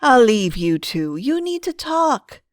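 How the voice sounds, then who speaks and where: A man's voice: very high voice, big pitch swings, slow, no room sound, clean studio sound, pitched above the performer's own voice, exaggerated voice. A woman reading aloud as a male pastor with a thick accent, beaming and eager, in an audiobook. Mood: beaming, encouraging.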